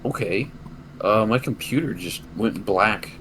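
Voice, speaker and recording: A young man with a very low voice tells a long, rambling story on a casual podcast. He swears freely, and steady background noise runs under the recording. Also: a little slow, rough recording. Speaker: podcast co-host.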